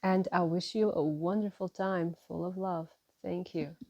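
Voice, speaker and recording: A woman giving a gentle, encouraging tarot reading to her viewers, often checking in with "right?" and "you know". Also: lowish voice, steady tone, measured pace, no room sound, muffled recording. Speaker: tarot reader.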